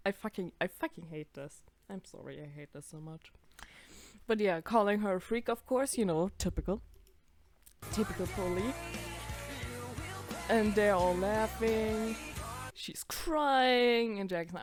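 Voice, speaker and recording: A woman's voice: on the low side, unhurried, pauses often, faint music behind. A woman in her twenties giving casual reaction commentary, chatty, swearing freely and laughing at herself. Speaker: video creator.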